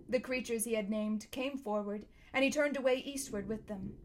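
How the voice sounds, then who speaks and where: A woman's voice: a little high, moderate pace, few pauses. Woman reading a storybook aloud. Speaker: audiobook reader.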